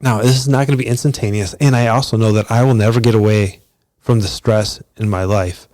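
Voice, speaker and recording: A man's voice: on the low side, steady tone, brisk, a little mellow, no echo. A man hosting his own podcast, talking casually and personally into a close mic, with frequent restarts and fillers. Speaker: podcast host. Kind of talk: solo podcast monologue.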